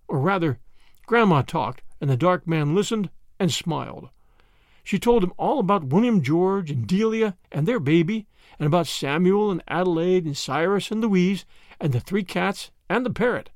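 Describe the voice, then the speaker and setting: A man narrating a classic story with an expressive reading. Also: high-pitched, dry recording, clean studio sound. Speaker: audiobook narrator.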